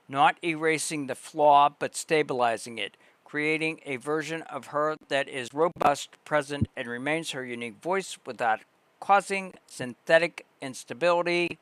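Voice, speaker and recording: A man hosting a livestream, reading a long text aloud slowly and deliberately, pausing and restarting words. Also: on the high side, fairly bright tone, clear, resonant tone, dry recording. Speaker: livestream host.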